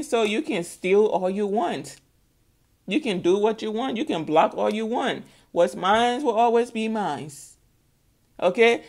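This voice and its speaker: A woman's voice: medium pitch, darkish tone. A woman giving a spiritual tarot reading in a chatty, playful way, laughing often and talking straight to her viewers. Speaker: tarot reader.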